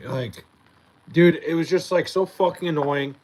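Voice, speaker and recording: A man's voice: fairly high pitch, normal speed, low-quality recording. A tired young man livestreaming from his bedroom late at night, swearing and rambling about something that annoyed him. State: tired, just woken up.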